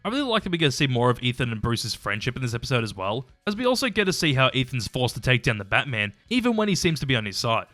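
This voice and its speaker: A man's voice: mid-range voice, big pitch swings, fast, hardly any pauses, sharp tone, no room sound, soft background music. A man giving a casual, opinionated episode-by-episode review, chatty and sometimes swearing. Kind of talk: casual commentary ranking episodes.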